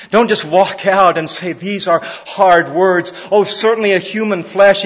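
A man preaching a sermon as pastor, moving from quiet pleading to loud, impassioned exclamations. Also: high voice, long reverb tail, muffled recording.

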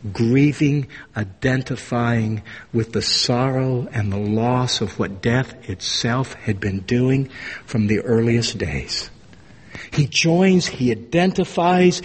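A man preaching a sermon with dramatic swings between loud emphasis and hushed, low phrases. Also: husky, big-room sound.

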